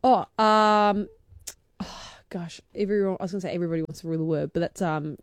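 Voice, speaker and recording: A woman's voice: fairly low pitch, fast talker, clean tone, dry recording. A young woman, a junior radio producer, talking on air in a studio, flustered and giggly as she stumbles over quiz answers.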